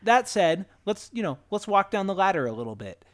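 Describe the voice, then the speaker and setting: A man in his thirties co-hosting a casual chat, animated and emphatic, his pitch swinging up sharply. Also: brisk. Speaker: podcast co-host.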